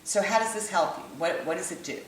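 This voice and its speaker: A woman with a low, deep voice teaches in an easygoing, conversational manner, tagging "right?" onto her points. She is recorded from a distance in an echoey room, with a faint hiss of ambience behind her. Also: expressive, fast. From United States. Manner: conversational, checks in with "right?" and "okay?". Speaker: holistic kinesiology teacher. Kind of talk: explanatory lesson to camera.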